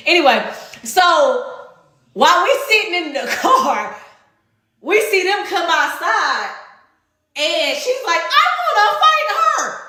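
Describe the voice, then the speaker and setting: A woman tells a personal story in a lively, profane storytime style, often laughing through her words. Her voice sits high and bounces across a wide range. The recording rings with heavy room echo. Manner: animated, profane, laughs while telling. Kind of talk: casual storytime. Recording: echoey room.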